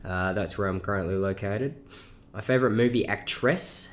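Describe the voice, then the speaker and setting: A man's voice: fairly low pitch, normal speed. Seventeen-year-old South Australian guy. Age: teens. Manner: rambling, lots of "uh" and swearing. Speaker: YouTuber. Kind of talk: casual Q&A vlog.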